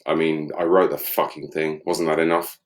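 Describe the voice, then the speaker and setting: A man's voice: extremely low pitch, flat delivery, moderate pace. A middle-aged English man talking alone on a home livestream about his book, dry and self-mocking. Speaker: author on a live book event. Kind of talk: casual solo livestream chat.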